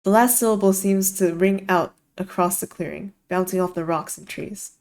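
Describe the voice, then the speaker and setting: A woman's voice: fairly low pitch, fairly even intonation, moderate pace, a little mellow. A woman streamer giving an intense, dramatic first-person reading of a visual novel.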